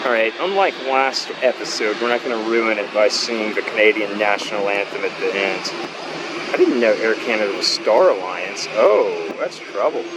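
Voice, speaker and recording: A man's voice: fairly low pitch, normal speed. A man plane spotting by a runway, giving casual joking commentary with sarcastic asides. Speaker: plane spotter filming departures. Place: outdoors beside an airport runway. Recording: loud jet engine noise outdoors.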